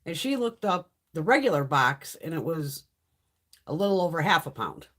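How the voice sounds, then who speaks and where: Middle-aged woman livestream host, husky, animated, foul-mouthed storyteller. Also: low voice, normal speed. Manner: profane, blunt storytelling, reads chat comments. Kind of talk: casual live-stream chat.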